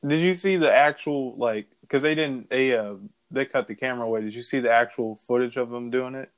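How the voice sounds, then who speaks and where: A man's voice: medium pitch, fairly quick. A man co-hosting a casual talk recording, talking loosely with slang and laughing often. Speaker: podcast co-host. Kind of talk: casual chat.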